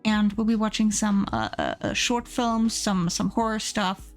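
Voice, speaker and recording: A woman's voice: mid-range voice, big pitch swings, a little slow, soft background music. A woman streamer chatting casually and rambling with plenty of fillers while she draws on a live art stream. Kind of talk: casual chat while drawing.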